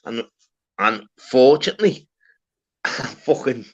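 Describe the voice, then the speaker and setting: A man's voice: medium pitch, animated, takes it slowly, breathy edge. A young man with a Liverpool accent hosting a live online panel in casual chat, rambling and swearing, often asking "do you get me". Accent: Liverpool (Scouse). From Liverpool, England. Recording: slightly muffled online call audio.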